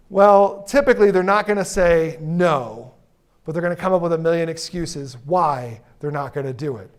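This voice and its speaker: A man giving a live keynote talk on stage, energetic and playful, teasing and drawing responses from his audience. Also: a little high, moderate pace. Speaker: keynote speaker. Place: conference stage before an audience.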